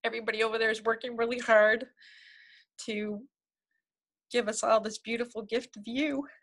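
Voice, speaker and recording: A woman guest in a video interview, speaking slowly and gratefully as a participant in a coaching program. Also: a little high, level tone, a bit bright. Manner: heartfelt, slow, grateful.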